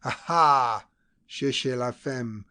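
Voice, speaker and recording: Sneering, condescending young diplomat for a storybook reading, sharp and raised in pitch, as a male narrator puts him on. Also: moderate pace, natural voice. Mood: mocking.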